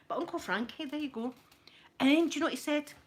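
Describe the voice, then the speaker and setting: Middle-aged Glaswegian woman, ASMR storyteller; chatty and animated, pitched a little high. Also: normal speed, slight background noise. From Scotland. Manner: chatty, animated, laughing anecdotes. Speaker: ASMR channel host.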